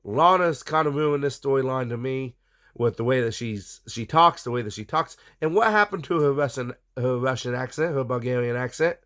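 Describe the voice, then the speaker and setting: A man's voice: mid-range voice, normal speed, a bit bright. A man hosting a casual wrestling recap, giving blunt opinions and talking straight to his viewers. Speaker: wrestling show recap host.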